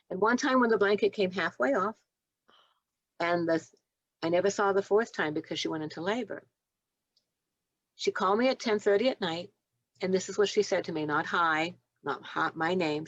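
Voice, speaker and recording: A woman in her sixties tells her stories at a mid-pitched, natural speaking level and acts out each exchange in between laughs. The sound is dry and close, slightly dull and muffled. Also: moderate pace, pauses often, no echo. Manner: animated storyteller who acts out dialogue and laughs often. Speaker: guest, nurse and doula. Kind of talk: storytelling in a podcast interview.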